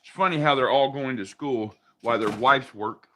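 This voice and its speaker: A man's voice: medium pitch, moderate pace, a bit bright. A man hosting a livestream, ranting in an irritated, profane way and chatting casually with his viewers and dogs. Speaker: livestream host.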